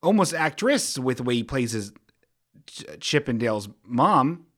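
A man talks through a casual comedy podcast, rambling and joking as he cuts himself off mid-thought. His pitch jumps around a lot and his tone is bright and forward. Loose, chatty delivery. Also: unhurried. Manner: rambling, animated, self-interrupting with jokey bits. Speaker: podcast host.

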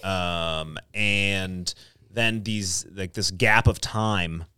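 A man's voice: low-pitched, steady tone, extremely slow, bright, forceful tone, clean tone, no echo, clean studio sound. A man hosting a casual podcast and running the board, telling rambling stories full of fillers and laughs. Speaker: podcast host and board operator. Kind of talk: casual chat.

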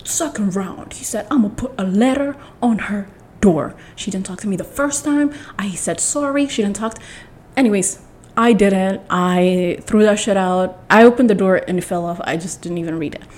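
A woman's voice: medium pitch, normal speed, a little mellow. A young woman with a mixed accent, telling a rambling, blunt story to camera in a casual vlog. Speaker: vlogger.

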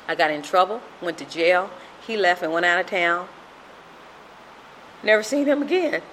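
A woman's voice: fairly low pitch, moderate pace, fairly bright tone, a little hiss or hum, poor audio. A middle-aged woman sharing a personal recovery testimony in an earnest storytelling manner, acting out the voices she quotes.

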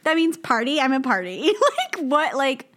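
A young woman co-hosting a podcast in casual chat, animated and giggly, acting out silly quotes. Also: high voice, normal speed. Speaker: podcast co-host.

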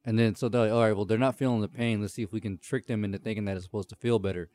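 Animated, profane man telling stories. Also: lowish voice, very fast. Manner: animated storyteller, acts out quotes, profane. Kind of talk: casual chat.

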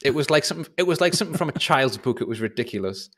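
A man's voice: mid-range voice, expressive, racing. A man from the North of England with a Northern English accent, hosting a casual podcast chat in a rambling, chatty way. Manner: chatty, rambling, restarts often. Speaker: podcast host.

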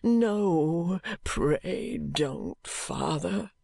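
A reader doing a meek young son, soft and pleading. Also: medium pitch, a little slow, dry recording, clean studio sound. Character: meek young man, dutiful submissive son. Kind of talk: audiobook character reading.

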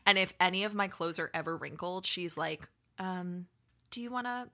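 With a fairly low voice and a moderate pace, this podcast co-host tells stories in casual chat. She's an animated storyteller, acting out the quotes as she goes.

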